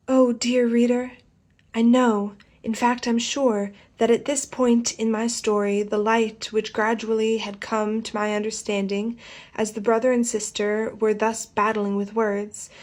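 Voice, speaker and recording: A woman narrating an unabridged novel in the first person, in a measured, deliberate way. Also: a little high, little pitch movement, darkish tone. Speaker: audiobook narrator.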